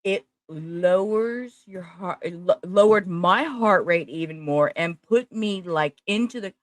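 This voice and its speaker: A woman's voice: lowish voice, measured pace, no room sound. A woman giving casual live commentary over courtroom testimony, chatty and full of asides. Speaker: livestream trial commentator.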